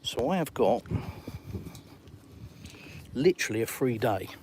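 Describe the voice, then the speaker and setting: A man's voice: mid-range voice, lively intonation, a little slow, darkish tone, slight background noise. A middle-aged Englishman chatting casually on a live stream, reading viewer comments and calling people mate. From England.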